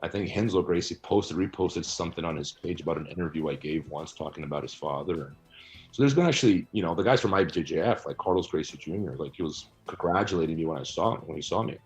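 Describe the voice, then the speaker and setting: Interviewed about his book, a man answers bluntly and argumentatively, often capping his points with "right?" and "you know." His voice is low and fast, with soft music in the background.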